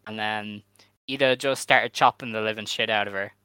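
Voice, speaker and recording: A man hosting a podcast, recapping in relaxed casual chat. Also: fairly low pitch, moderate pace, smooth, dry recording. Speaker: podcast host.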